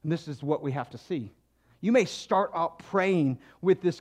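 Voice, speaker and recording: A man preaching a sermon in a church, swinging between quiet asides and loud, emphatic passages. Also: a little high, lively intonation, unhurried. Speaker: pastor.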